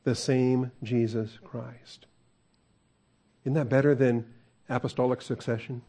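A man's voice: mid-range voice, flat delivery, measured pace, warm tone. A man preaching a conversational verse-by-verse sermon as a pastor, asking the congregation questions and chuckling often.

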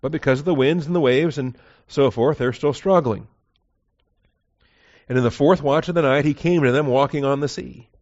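Male Bible teacher, chatty and rambling, mid-pitched voice, muffled low-fi recording. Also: moderate pace, darkish tone. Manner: conversational, digressive, corrects himself aloud. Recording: dull lo-fi recording.

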